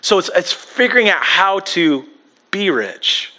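A middle-aged man preaching a sermon in a conversational, joking way, repeating phrases and slowing down on the lines he wants to land. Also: high-pitched, sing-song, bright, forceful tone. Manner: conversational, self-deprecating humor, repeats phrases, draws out key lines slowly. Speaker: pastor.

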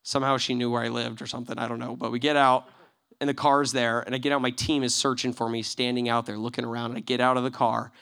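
Bright, animated preacher man telling a story. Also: mid-range voice, fast. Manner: animated storyteller acting out quoted voices, swinging from loud to hushed. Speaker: pastor. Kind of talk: sermon storytelling.

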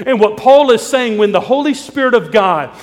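High-voiced preaching man in a reverberant hall. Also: expressive, moderate pace. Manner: earnest, pleading preaching. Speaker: pastor. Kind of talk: sermon.

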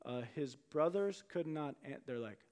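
A pastor with a notably high voice preaches a lively sermon to a live congregation, reading scripture aloud at a slightly slow pace. His delivery is casual and conversational, swinging from soft, hushed asides to loud, emphatic peaks.

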